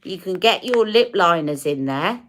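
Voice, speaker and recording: A woman's voice: fairly low pitch, lively intonation, normal speed, a bit bright. A woman hosting a casual beauty livestream, chatting to viewers and demonstrating products as she talks. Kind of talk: casual live-stream chat.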